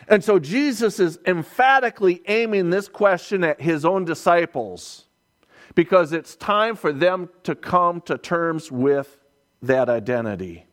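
A man delivers a sermon at an unhurried, deliberate pace. He leans hard on his points and repeats key lines so they land. His pitch sits in an ordinary middle range. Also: lively intonation. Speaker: preacher.

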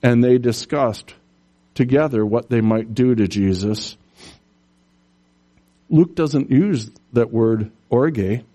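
A man preaching a sermon, animated, telling stories and putting on voices for the characters in them. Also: medium pitch, slow, long pauses. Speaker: pastor.

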